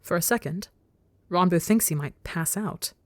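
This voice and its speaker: A woman reading a story aloud as narrator, in a measured, intimate storytelling manner. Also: on the low side, dry recording. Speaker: audiobook narrator. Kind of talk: scripted narration of fan fiction.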